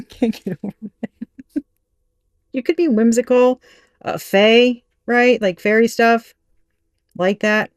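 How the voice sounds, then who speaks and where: A woman's voice: fairly high pitch, slow, pauses often, no room sound. Woman, casual tarot reading, profane, laughs a lot, dry close sound. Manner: candid, profane, laughing, acts out quoted voices. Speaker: tarot reader.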